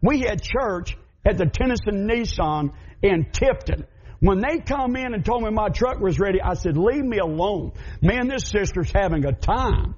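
A man with a Southern American accent preaching a fervent sermon, emphatic and building up to shouts. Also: sits high, breathy edge, highs cut off.

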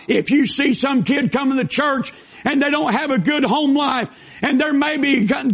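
An older man delivers a sermon in a strikingly high voice. He swings between shouted exhortation and folksy storytelling. The recording is dull and lo-fi. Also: slow pace, breathy edge. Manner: preaching with shouted bursts and folksy asides. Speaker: pastor. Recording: dull lo-fi sound.

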